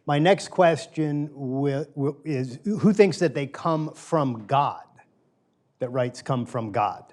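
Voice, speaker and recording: A man's voice: medium pitch, lively intonation, slow, darkish tone. A middle-aged man giving an informal lecture to a small live group in a room, talking casually, polling the audience and repeating key phrases for emphasis. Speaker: guest lecturer.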